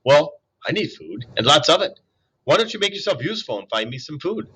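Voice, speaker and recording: A man voicing a hungry, sly male fox with a gruff, growling delivery. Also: on the high side, big pitch swings, brisk, fairly bright tone, exaggerated voice. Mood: greedy.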